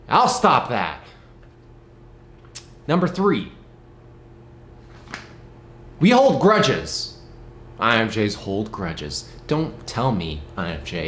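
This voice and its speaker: A young man vlogging casually, playful and mock-dramatic, swinging between loud outbursts and low asides. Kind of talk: casual animated vlog rant. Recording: echoey room with faint noise.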